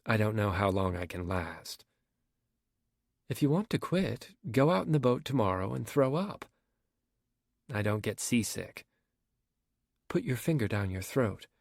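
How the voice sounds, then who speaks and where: A man's voice: lowish voice, very animated, measured pace, vocal fry, pauses often, no room sound, clean studio sound, exaggerated voice. A man reading an audiobook, voicing a blunt young woman who talks frankly and teasingly.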